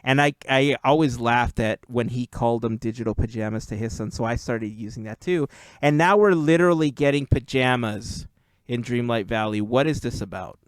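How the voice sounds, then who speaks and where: A man's voice: medium pitch, clean tone, no echo. Chatty podcast host man, dry sound. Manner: chatty, laughs easily, drawn-out storytelling. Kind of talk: casual chat.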